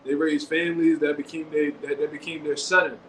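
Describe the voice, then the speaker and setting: Animated slangy man in an echoey room. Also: fairly high pitch, brisk. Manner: animated, slangy, acts out quotes. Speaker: boxing show host. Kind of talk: casual commentary. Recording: echoey room with faint background noise.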